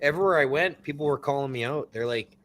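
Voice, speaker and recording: Canadian dude, talks fast and kinda high, swears, tells road stories. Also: male voice, a bit bright, a little hiss or hum. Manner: fast storytelling, swears, acts out quotes. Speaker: livestream host. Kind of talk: casual livestream chat.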